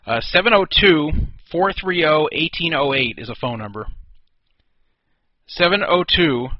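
A man's voice: on the high side, unhurried. A man hosting an internet radio show by himself talks in a loose, rambling way, with restarts and wry jokes about himself. The sound is dry, with no room echo, and slightly muffled and lo-fi. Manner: casual, self-deprecating, rambling with restarts. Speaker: host.

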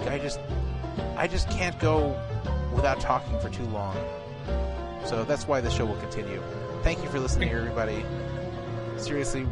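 Rambling male radio show host. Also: mid-range voice. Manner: rambling, self-correcting. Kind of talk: casual chat.

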